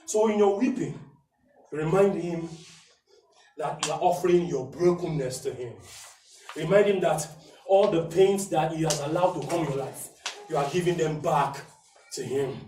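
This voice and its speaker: A man with a Nigerian accent preaching a sermon, shouting key lines and slowing down to stress them. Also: on the high side, echoey room, far from the mic, a little hiss or hum. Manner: impassioned preaching, shouts and slows down for emphasis. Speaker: pastor.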